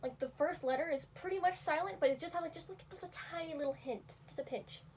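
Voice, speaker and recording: A young woman with a high, light voice talks through a casual tutorial, full of "um" and "like" and quick asides at her own expense. She sounds a little away from the mic, with a faint hiss under her voice. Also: darkish tone, distant mic. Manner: rambling, filler-heavy, self-deprecating. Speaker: video creator teaching cat vocals.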